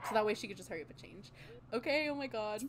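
A young woman giving casual, excitable gameplay commentary, swearing and exclaiming often. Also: mid-range voice, quick pace, noisy background. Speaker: gaming channel host.

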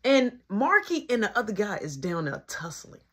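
A young woman spins a casual story for her channel in a slightly husky voice. She talks loose and slangy and acts out everyone's dialogue with plenty of flair. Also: mid-range voice, sing-song, normal speed.

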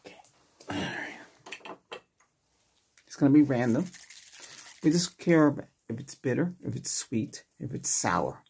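A man in a whispered role-play as a doctor, talking softly and gently and checking in with short questions, close to the microphone. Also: medium pitch, very animated, measured pace, gravelly, long pauses, a little hiss or hum.

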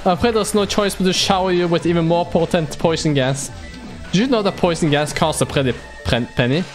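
A man's voice: fairly high pitch, a little fast, soft background music, lightly acted. A man reading out the taunting lines of a sadistic female robot warden from a game, in a mocking, singsong way. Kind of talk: reading game dialogue aloud.

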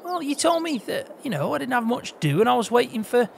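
A man's voice: very high-pitched, very animated, fast talker, creaky, slight background noise. A man playing a farmhand in a game roleplay, teasing and chuckling in banter.

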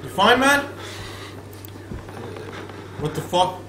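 Male gamer, very high and bright voice, foul-mouthed and jumpy, reacting out loud to a horror game. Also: very slow, reverberant, a little hiss or hum, rough recording. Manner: excitable, swearing, talking back at the game. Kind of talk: profane let's play commentary.

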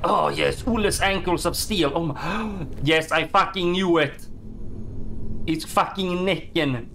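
A man giving excitable, swearing let's-play commentary while he plays a game. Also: fairly high pitch, slow, gravelly, a little hiss or hum. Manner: excitable, swears, talks to himself. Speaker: gaming streamer.

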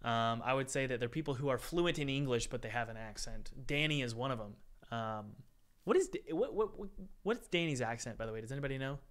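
A man's voice: mid-range voice, animated, fairly quick, a bit bright, clean tone. A man hosting a live-stream Q&A, chatty and upbeat, calling his viewers guys. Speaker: game dev course host answering live chat.

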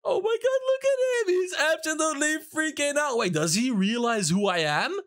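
Very high, lively man narrating gameplay. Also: moderate pace. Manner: giddy and scheming, narrates each move. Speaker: gaming video host. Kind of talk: excited gameplay commentary.

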